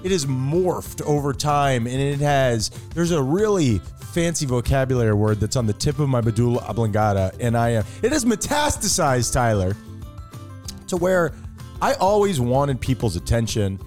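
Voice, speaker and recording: Animated, joking man, lively pitch. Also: normal speed, faint music behind. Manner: joking, crude, animated storytelling. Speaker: podcast co-host. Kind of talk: casual comedic chat.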